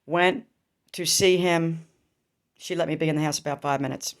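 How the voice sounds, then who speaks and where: A woman's voice: low voice, steady tone, moderate pace. A middle-aged woman vlogger telling a raw personal story, intense and profane, full of rhetorical questions.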